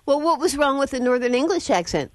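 A woman hosting a radio call-in show who takes calls and asks brisk, short questions. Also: high-pitched, very animated, a little mellow, no echo. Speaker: radio host.

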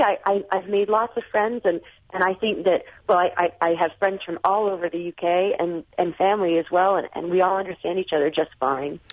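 An American woman in her forties, a guest author talking on a radio call-in show, chatty and prone to restarting her sentences. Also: on the low side. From United States. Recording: tinny phone line.

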